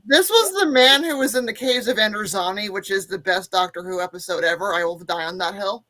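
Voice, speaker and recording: A woman's voice: mid-range voice, a little fast, pushed and bright. Emphatic woman podcast co-host. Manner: emphatic, earnest opinions. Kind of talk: casual podcast discussion.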